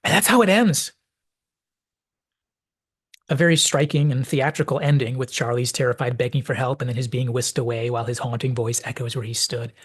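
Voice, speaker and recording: A man's voice: medium pitch, fairly quick, slightly rough. A man hosting a video essay, reflectively analyzing a classic TV episode and thinking aloud as he goes.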